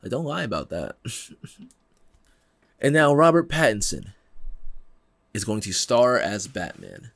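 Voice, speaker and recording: A young man hosting a podcast in casual chat, animated and laughing, acting out quotes in slangy talk. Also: on the low side, measured pace, vocal fry, long pauses, dry recording, studio quality. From Pennsylvania, United States. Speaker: podcast host.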